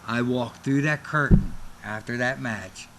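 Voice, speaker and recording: With slight background noise behind him, a middle-aged man who used to wrestle recounts stories in a casual interview. His medium-pitched voice moves at a measured pace as he animatedly performs everyone else's lines.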